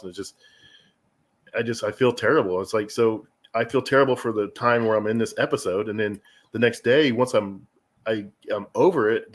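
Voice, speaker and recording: A middle-aged man talks fast and openly in a relaxed podcast chat, running his words together with quick restarts. His voice sits fairly low, and he pokes fun at himself as he goes. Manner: candid, self-deprecating, rambling with restarts. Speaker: guest.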